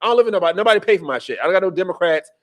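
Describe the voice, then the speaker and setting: High-voiced man ranting in profane disbelief. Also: animated, very fast. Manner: profane, incredulous ranting with laughs. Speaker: podcast host. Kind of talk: casual political commentary.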